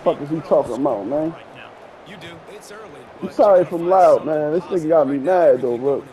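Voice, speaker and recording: A man streaming a football video game, trash-talking loudly and boastfully with plenty of profanity. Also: a little high, moderate pace, lo-fi sound. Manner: boastful, profane, loud, laughs a lot. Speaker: gaming streamer. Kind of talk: loud trash-talking gameplay commentary.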